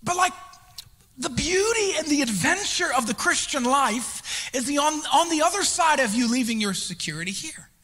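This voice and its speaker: A man preaching a sermon as pastor, candid and self-deprecating, swinging from hushed whispers to shouted emphasis. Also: very high voice, animated, moderate pace. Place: church auditorium. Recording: long reverb of a large hall.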